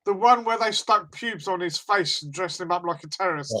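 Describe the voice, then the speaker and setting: A man co-hosting a podcast, telling stories in a lively way and laughing along with them in casual chat. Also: high voice, brisk, rough recording. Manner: animated storyteller, laughs at his own stories. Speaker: podcast co-host.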